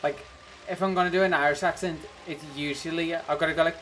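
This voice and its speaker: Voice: mid-range voice, fairly even intonation, fast talker, fairly bright tone, slight background noise. A streamer chatting casually to viewers during a game livestream, rambling between topics and laughing often. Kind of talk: casual livestream chat while gaming.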